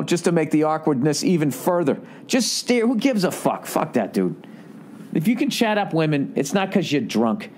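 A middle-aged man giving blunt, profane advice on a comedy podcast, shifting into higher voices to act out little scenes. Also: a little mellow, a little hiss or hum. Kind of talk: casual comedic advice rant.

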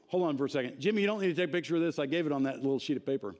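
A man's voice: a little high, expressive, racing, hardly any pauses, a little mellow. Emphatic man teaching a church Bible class. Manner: conversational, emphatic, asks the class questions.

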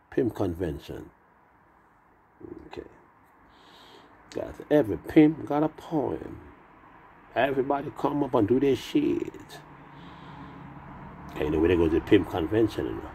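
A man's voice: fairly low pitch, gravelly, mellow, slight background noise. A man who has been drinking, rambling through a profane, meandering monologue full of wordplay. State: tipsy from drinking.

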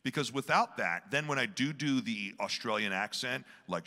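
A man on a convention panel, explaining his approach in a relaxed, chatty way. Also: mid-range voice, moderate pace, vocal fry, hardly any pauses. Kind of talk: casual convention panel answers. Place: large convention hall. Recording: echoey hall reverb.

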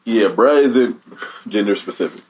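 A man's voice: on the low side, lively intonation, normal speed, a little mellow, slight background noise. A man with a Bay Area accent hosting a casual podcast, slangy and laughing often. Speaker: podcast host.

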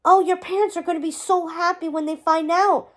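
Old male wizard read by a woman, storybook read-aloud, cheerful, gushing, sputtering, high-pitched. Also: lively intonation, normal speed. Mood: gleeful.

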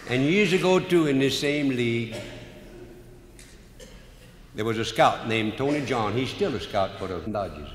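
A man with a Cajun accent tells comic stories live in a folksy, drawling way, at a middling pitch. His voice rings in a roomy hall with a long reverb tail and faint noise behind. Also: expressive, a little slow, pauses often. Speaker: humorous storyteller.

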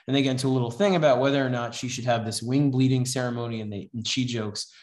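A man's voice: mid-range voice, fairly even intonation, fast, darkish tone. A man teaching a comics writing class in a casual, rambling way, with many fillers, reading comic dialogue aloud. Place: house event room. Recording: roomy echo.

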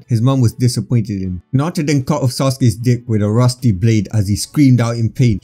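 Brief: male narrator, mellow dark tone, plain fan-story reading. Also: medium pitch.

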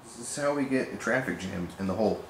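A man's voice: on the low side, expressive, fast. A man in a casual chat while drawing, trading crude jokes. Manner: joking, crude banter. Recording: roomy with faint noise.

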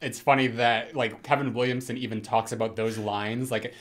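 A man co-hosting a casual podcast chat. He speaks in halting, loose phrases with many fillers. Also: mid-range voice, little pitch movement. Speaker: podcast co-host.

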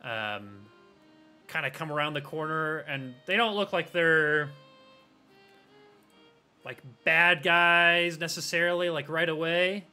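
A man's voice: on the high side, takes it slowly, pauses often, sharp tone, clean tone, soft background music. A man narrating as game master for a tabletop game, rambling loosely with hedges.

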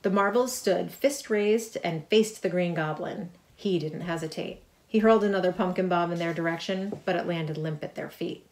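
A middle-aged woman reading her own picture book aloud, lively, with chatty asides about the pictures. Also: fairly low pitch, normal speed, hardly any pauses. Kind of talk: storybook read-aloud.

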